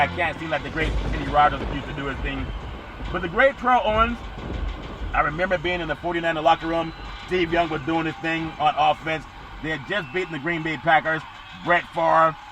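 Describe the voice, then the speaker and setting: A man hosting a casual sports podcast, rambling jokily through the weekend's football schedule with sudden loud bursts. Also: a little high, noisy background.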